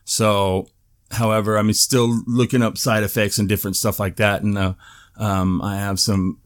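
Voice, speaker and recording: Hosting his own show, a man with a fairly low voice and moderate pace delivers a casual video update. His storytelling is animated, with lots of swearing and frequent laughs.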